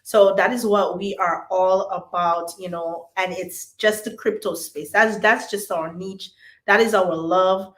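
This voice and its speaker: A woman from Jamaica, hoarse from losing her voice, chatting as a guest in a bubbly, playful way. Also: mid-range voice, steady tone, unhurried, echoey room. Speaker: guest entrepreneur. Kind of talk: casual chat.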